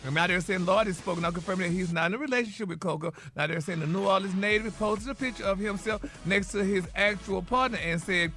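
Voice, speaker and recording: A man's voice: sits high, quick pace, hardly any pauses, pushed and bright, faint music behind. A man co-hosting a morning radio show, sharing celebrity gossip in a flamboyant way and calling everyone honey. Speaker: entertainment news co-host.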